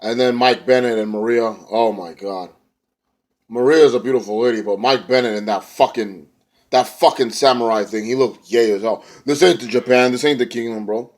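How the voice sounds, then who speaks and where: A man's voice: medium pitch, normal speed, darkish tone. A young man casually recapping a wrestling show, rambling in slang and now and then mimicking the wrestlers. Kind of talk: casual recap, retelling a show with quoted voices.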